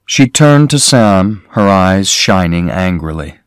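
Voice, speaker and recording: Slow, deliberate male story narrator. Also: low-pitched, animated, clean tone, dry recording, studio quality. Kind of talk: slow graded-reader narration for learners.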